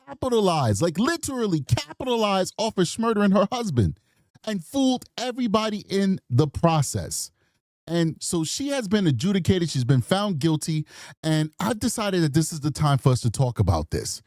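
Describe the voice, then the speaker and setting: Animated chatty man hosting. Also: high voice, normal speed, dry recording, studio quality. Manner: animated, chatty, apologetic asides. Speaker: true crime podcast host. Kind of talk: casual rambling commentary.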